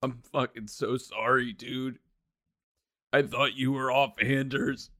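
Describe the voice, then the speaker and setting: A man's voice: mid-range voice, fairly even intonation, sharp tone, dry recording, studio quality. A man playing a rattled, swearing young adventurer. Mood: remorseful. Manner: rambling, swearing, halting restarts. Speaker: player. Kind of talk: in-character tabletop role-play.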